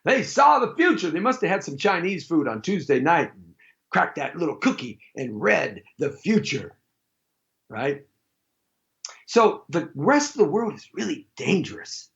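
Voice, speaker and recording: A man hosting a live talk show, rambling through a jokey monologue with sudden loud outbursts. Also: a little high, big pitch swings, measured pace, vocal fry, muffled recording.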